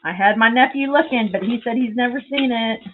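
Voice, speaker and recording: A woman with a fairly high voice talks a little fast over a faint hiss or hum, with a tinny phone-like quality to the sound. She's casually chatting with viewers on her crafting livestream, gushing, sentimental, and rambling with many fillers.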